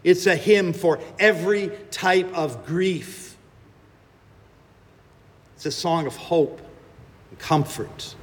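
Slow, earnest male preacher. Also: a little high. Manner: dramatic, earnest storytelling. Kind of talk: sermon with storytelling. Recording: reverberant hall with music behind.

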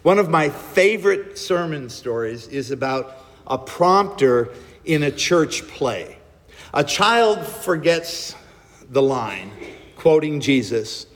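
A male pastor preaching a sermon and leading a breathing prayer, slow and gentle in a measured way. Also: a little high, lively intonation. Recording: long echo of a large hall.

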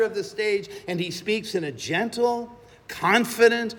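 A man's voice: high voice, a little slow, a bit bright. A man preaching a sermon, telling a staged story in an earnest, dramatic way. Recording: reverberant hall with music behind.

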